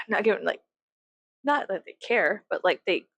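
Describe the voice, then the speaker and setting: A woman's voice: mid-range voice, slow pace, creaky, sharp tone, breathy edge, no echo. A woman vlogging in a casual rant, swearing freely, giggling and rambling.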